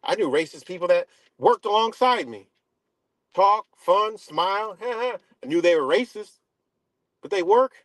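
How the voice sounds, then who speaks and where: A man's voice: sits high, expressive, moderate pace, no room sound. Profane, ranting man on a dry close mic. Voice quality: dreadlocks wearer talking in a loose, street-casual way. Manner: profane, emphatic, repeats "right?" and "you know?". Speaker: live stream host. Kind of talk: casual ranting live stream.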